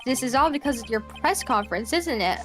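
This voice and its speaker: A woman's voice: high-pitched, lively intonation, fairly quick, a bit bright, soft background music. A woman reading as an earnest young lawyer man. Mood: accusing. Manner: shocked, accusing questions.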